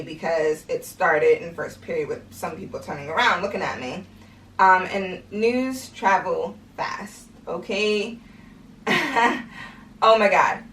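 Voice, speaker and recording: A woman's voice: mid-range voice, recorded from a distance, a little hiss or hum. A young woman vlogger candidly retelling a painful story with lots of "like" and "you know". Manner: candid, animated retelling with many fillers. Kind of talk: personal storytelling vlog. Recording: roomy sound, mic set back.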